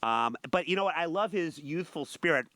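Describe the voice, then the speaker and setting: A man's voice: fairly high pitch, fairly quick, very noisy. A man co-hosting a morning talk show, joking wryly in casual chat and reading an article aloud. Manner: wry, joking, animated delivery.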